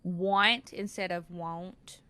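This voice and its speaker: Bright-voiced Southern woman, blunt. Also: fairly low pitch, fairly even intonation, drawn-out words, clean tone, no room sound. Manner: blunt, laughs often, swears freely. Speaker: co-host. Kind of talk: casual podcast chat.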